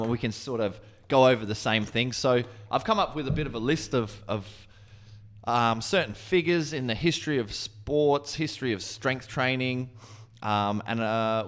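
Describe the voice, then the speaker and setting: A man hosting a casual podcast in a mid-range voice. He rambles into tangents and swears freely as he talks through his notes. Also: medium pitch. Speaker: podcast co-host.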